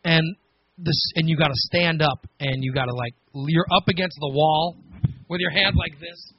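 A man hosting a radio show, telling a story on air in a casual, animated, self-mocking way with frequent laughs. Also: on the high side, normal speed, lo-fi sound, a little hiss or hum. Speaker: radio host.

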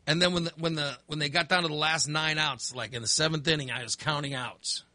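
A middle-aged man chatting casually, telling a story with lively acted-out reactions. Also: a little high, fairly quick. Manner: animated storyteller, acts out his own reactions. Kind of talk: casual chat.

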